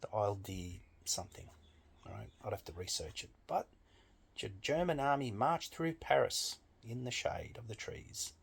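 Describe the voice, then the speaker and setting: Gravelly, animated man ranting. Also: on the low side, moderate pace. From Australia. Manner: blunt, swearing, emphatic. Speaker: political commentator. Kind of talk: opinionated monologue.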